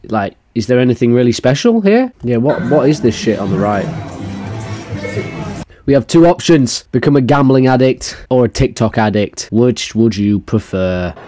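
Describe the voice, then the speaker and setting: A man's voice: medium pitch, expressive, normal speed, dark tone, soft background music. Crude, jokey man reacting to memes. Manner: crude, jokey, rambling with restarts. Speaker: meme reaction streamer. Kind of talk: casual meme reaction commentary.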